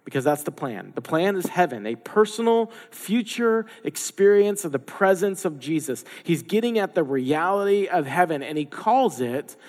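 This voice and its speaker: A male pastor preaches in a relaxed, conversational way, now and then acting out the voices of the people he quotes. His voice sits a bit higher than most men's. It rings with the long reverb of a big hall. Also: normal speed, few pauses. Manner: conversational, acts out quoted voices with playful asides. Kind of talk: sermon.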